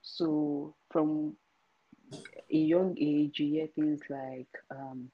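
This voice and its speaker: A woman's voice: low-pitched, steady tone, extremely slow, background noise. A young woman guest on a podcast, speaking earnestly and giving her opinions in a casual chat. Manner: shy at first, then earnest and opinionated.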